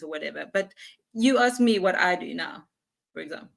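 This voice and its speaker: Woman, young adult, animated, plays out mini conversations. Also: fairly low pitch, a little fast, vocal fry. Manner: animated, acts out little dialogues. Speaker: workshop facilitator. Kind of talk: conversational explaining.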